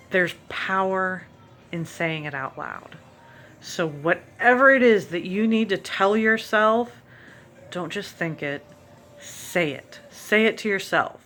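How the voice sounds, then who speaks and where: A woman's voice: on the low side, sharp tone. A woman vlogger giving an earnest, emphatic motivational monologue to encourage her viewers.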